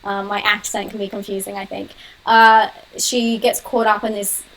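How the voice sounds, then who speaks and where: A young woman hosting a casual live-stream Q&A on her horror channel. She talks quickly, laughs often and answers viewers' comments. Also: medium pitch, little pitch movement, a bit bright, rough recording.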